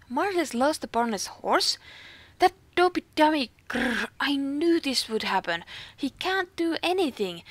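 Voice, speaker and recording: A woman's voice: a little high, fairly bright tone, no room sound, exaggerated voice. Woman reading as a hot-tempered stable keeper with a Finnish accent. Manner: reads game dialogue aloud, stumbling and restarting words. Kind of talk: reading game dialogue aloud.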